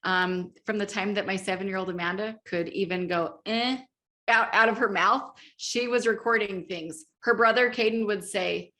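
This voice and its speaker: A middle-aged woman speaking as an interview guest, animated and laughing often, acting out inner voices as she talks. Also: medium pitch, normal speed. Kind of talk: enthusiastic interview talk.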